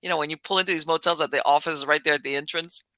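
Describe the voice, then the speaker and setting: A woman podcast host telling a story in a casual, animated way, laughing as she talks. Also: low voice, racing, no echo.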